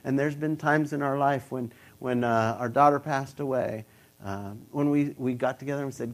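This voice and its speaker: An older man preaching a sermon, swinging between loud emphatic urging and quiet reflection, often repeating words as he builds a thought. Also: medium pitch, normal speed. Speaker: pastor.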